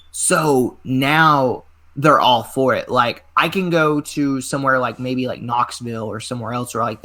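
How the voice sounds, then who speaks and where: A man in his twenties, a pro wrestler guest telling rambling, animated stories in a casual interview, full of filler words. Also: mid-range voice. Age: 20s.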